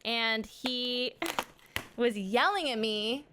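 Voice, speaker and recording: A young woman and mother chatting casually on a live stream, excitable and gushing. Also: a little high, drawn-out words, background noise. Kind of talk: casual chat.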